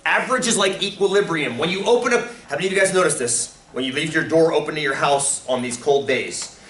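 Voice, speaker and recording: Male teacher, enthusiastic lecturer, bright ringing tone, taped from the back of a classroom. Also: a little high, fast, slight background noise. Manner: excitable, loud bursts of enthusiasm. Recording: echoey classroom from far off.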